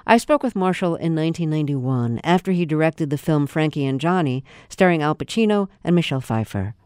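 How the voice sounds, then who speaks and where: Brief: radio host, smooth resonant voice, measured questions, dry studio sound. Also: medium pitch, animated, a little mellow, dry recording. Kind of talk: interview hosting, scripted introduction.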